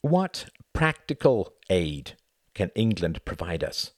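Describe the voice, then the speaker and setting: Man doing scornful French premier, pitched up, emphatic, husky, dry read. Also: sing-song, takes it slowly, dry recording, exaggerated voice. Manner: pointed, emphatic questioning. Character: cautious, scornful French premier, middle-aged. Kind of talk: audiobook character reading.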